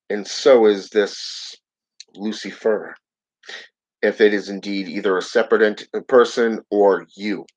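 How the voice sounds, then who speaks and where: A man hosting his channel, reading viewer comments aloud in a casual live-stream chat and chuckling often. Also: lowish voice. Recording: dull lo-fi audio.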